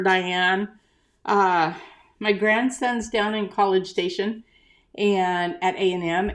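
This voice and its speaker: An older woman hosts a relaxed live stream for her craft shop. She talks at an unhurried, slow pace in a chatty way, greeting viewers by name and answering their comments as they come in. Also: mid-range voice. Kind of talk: casual live-stream chat.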